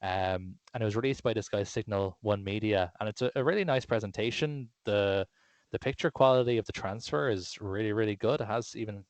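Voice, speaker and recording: A man chatting casually on a film podcast, rambling and enthusiastic, full of fillers and false starts. His voice sits fairly low and the sound is dry and close. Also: dry recording. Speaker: podcast co-host.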